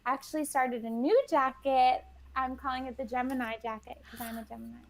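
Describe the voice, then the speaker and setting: A woman's voice: sits high, steady tone, brisk, gravelly, crowd noise. A woman guest in casual interview chat, bubbly and full of "like", acting out what she and others said. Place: New York.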